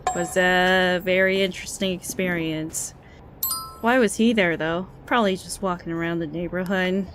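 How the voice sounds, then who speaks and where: Slow-talking, wry young woman streamer. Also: on the low side, slight background noise. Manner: chatty, wry, full of fillers and self-corrections. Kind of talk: casual storytelling on a stream.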